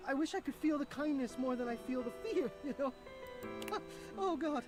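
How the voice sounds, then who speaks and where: A woman's voice: high voice, normal speed, over music, close to an everyday voice. A woman playing a frightened young woman in a video game who pleads anxiously for someone to leave. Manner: panicked, pleading, breathless.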